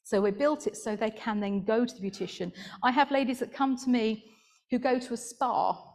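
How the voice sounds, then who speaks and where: A woman's voice: on the high side, moderate pace, a little mellow. A woman podiatrist presenting slides at a conference, chatty and laughing at her own asides.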